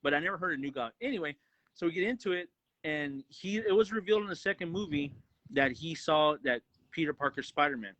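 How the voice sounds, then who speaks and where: A man co-hosts a casual movie review chat, fired up and profane, sometimes acting out lines from the films. His voice sits a little high and sounds bright and forceful. The recording is dry, with no room sound. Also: quick pace, no echo, low-quality recording. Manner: excited, profane, acts out quotes. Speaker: podcast co-host, movie reviewer.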